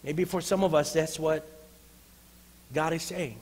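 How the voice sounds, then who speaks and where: A man preaching a sermon as pastor, impassioned, swinging between loud appeals and hushed talk. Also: a little high, a little slow, long pauses, big-room sound, slight background noise. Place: church.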